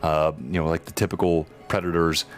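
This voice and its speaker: A man running a tabletop game as game master, chatting in a relaxed, self-deprecating way. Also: low voice, fairly quick.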